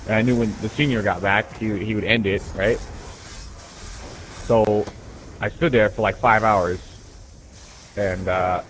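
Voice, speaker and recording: A man's voice: fairly low pitch, steady tone, measured pace, long pauses, fairly bright tone, slight background noise, low-quality recording. A man casually telling profane, rambling stories while gaming, often tossing in "right?". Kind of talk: casual storytelling.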